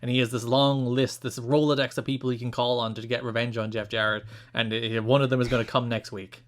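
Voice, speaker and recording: A man's voice: mid-range voice, little pitch movement, brisk. Opinionated male podcast co-host. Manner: detailed, opinionated explaining with restarts. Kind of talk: casual podcast chat.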